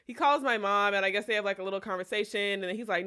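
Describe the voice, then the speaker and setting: A woman streamer telling a personal story in a casual, animated, profane and digressive way. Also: mid-range voice, rapid-fire, few pauses, clear, resonant tone.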